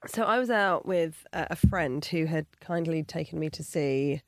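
A woman co-hosting a podcast, chatty and excitable with deadpan jokes. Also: deep voice, moderate pace, no echo. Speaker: podcast co-host. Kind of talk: casual chat.

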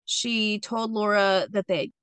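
A woman's voice: medium pitch, steady tone, takes it slowly, fairly bright tone, smooth, no room sound. Young female podcast host, casual true-crime storyteller, swears freely, dry close-up sound. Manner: chatty and profane, with frequent "like" fillers.

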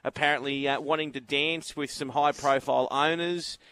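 A man's voice: a little high, fairly even intonation, normal speed, sharp tone, clear, resonant tone. An Australian man presenting horse racing from the road, telling rambling anecdotes in casual radio chat and laughing often.

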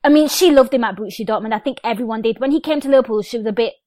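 A woman's voice: on the high side, racing, warm tone, no echo. Young female podcast host, upbeat and rambling, dry close recording. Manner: enthusiastic, chatty, long rambling questions. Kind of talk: casual interview chat.

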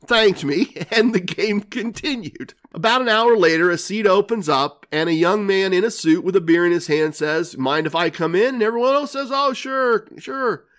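A man's voice: high voice, expressive, normal speed, few pauses, fairly bright tone. Wry older man telling a casino story. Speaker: podcast host. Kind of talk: storytelling podcast monologue.

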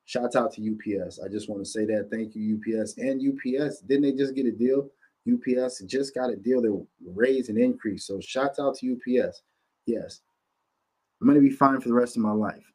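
Man, podcast host, husky voice, blunt profane rant, home office. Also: medium pitch, moderate pace, low-quality recording. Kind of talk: casual rant to camera.

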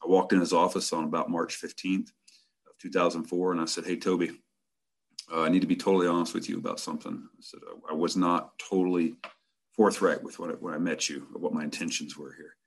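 Deep, husky man telling a profane story. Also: steady tone, brisk. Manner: profane, blunt, laughing while telling. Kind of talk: casual spoken storytelling.

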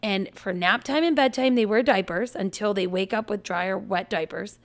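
A woman co-hosting a podcast, a mother of four talking in animated, swear-heavy banter, acting out her own yelling. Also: mid-range voice, moderate pace. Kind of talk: casual couple banter.

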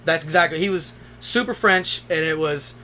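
With a bright, forceful voice on the high side, this young podcast co-host talks at normal speed, telling loose, profane stories and laughing in casual conversation. There is slight background noise.

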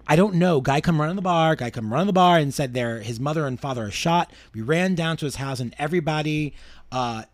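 A man's voice: fairly high pitch, brisk, no echo, close to an everyday voice. Guy reading out a rattled caller on the phone to police, stammers, keeps repeating himself, dry close sound. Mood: flustered. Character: flustered male caller reporting a shooting. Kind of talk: reading a call transcript aloud.

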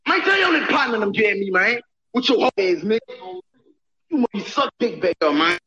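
A man ranting angrily in profane slang, repeating himself and shouting at times. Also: sits high, very animated, normal speed, slightly rough, dull audio.

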